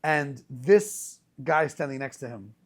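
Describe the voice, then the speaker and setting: A man hosting a podcast as a rabbi, telling stories in a casual, animated way with many restarts. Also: medium pitch, takes it slowly. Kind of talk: casual conversational storytelling.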